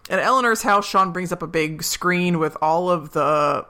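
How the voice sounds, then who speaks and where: A podcast co-host recapping a television episode in loose, casual chat, often breaking into laughter. The voice is bright and forward, with middling pitch. The host acts out bits of dialogue along the way. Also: moderate pace. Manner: chatty, laughs often, acts out quoted lines.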